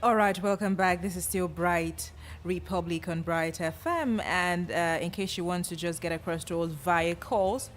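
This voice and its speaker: A woman hosting a radio talk show, reading out the call line and taking a caller in a brisk, plain way. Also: on the low side, faint music behind. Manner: brisk, reads out numbers plainly. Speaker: radio host.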